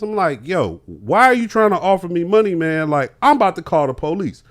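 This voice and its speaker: Animated man telling a story. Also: high-pitched, a little fast. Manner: acts out both sides of an argument, laughing as he tells it. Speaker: podcast guest telling a story.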